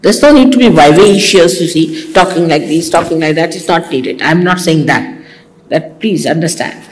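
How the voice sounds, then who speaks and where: A woman's voice: lowish voice, normal speed, rough recording. A woman giving a sermon to her followers, teasing and scolding with humor. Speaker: spiritual teacher.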